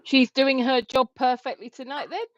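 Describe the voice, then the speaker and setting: A woman's voice: high-pitched, fairly even intonation, moderate pace. A woman co-hosting a livestream on a phone, chatting casually, reading out comments and laughing often. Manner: giggly, breaks into laughter often. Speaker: livestream co-host. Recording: dull lo-fi phone audio.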